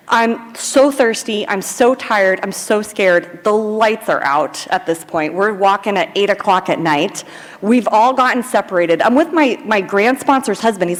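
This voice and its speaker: Chatty woman from Sacramento in a reverberant hall. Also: mid-range voice. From Sacramento, California. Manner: chatty storyteller, many "like"s and "um"s. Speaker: AA speaker. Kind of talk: personal recovery story told to a live audience. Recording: long hall reverb at a live event.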